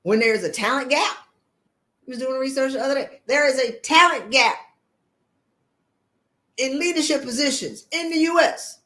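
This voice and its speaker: A woman's voice: high-pitched, normal speed, pauses often, pushed and bright, echoey room. A woman leadership coach giving a motivational talk, blunt and emphatic, firing off rhetorical questions in sassy, colloquial speech.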